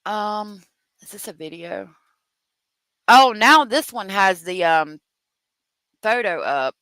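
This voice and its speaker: A woman hosting a casual true crime livestream. She talks slowly, chats away and laughs often. The sound is close and dry, with no room echo. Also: medium pitch, animated, a bit bright, clear, resonant tone. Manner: chatty, laughs often, drawn-out exclamations. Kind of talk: casual livestream chat reading comments.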